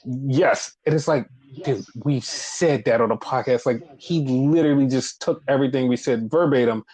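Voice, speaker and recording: A man co-hosting a podcast, casually recapping wrestling in a profane, animated way. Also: mid-range voice, moderate pace, poor audio. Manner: profane, animated retelling with put-on quotes. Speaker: podcast co-host.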